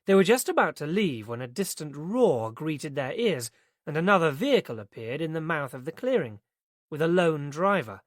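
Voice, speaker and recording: A man's voice: fairly high pitch, very animated, moderate pace, dry recording. Man narrating a crime audiobook, dry. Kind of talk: scripted narration.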